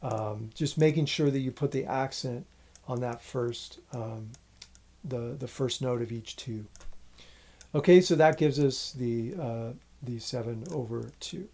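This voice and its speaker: A man's voice: medium pitch, a little slow, gravelly. A man teaching a rhythm lesson in a casual way, explaining counts and apologizing for his slips as he goes. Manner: counts rhythms aloud while playing; relaxed, apologetic asides. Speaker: music teacher. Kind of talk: casual instructional talk.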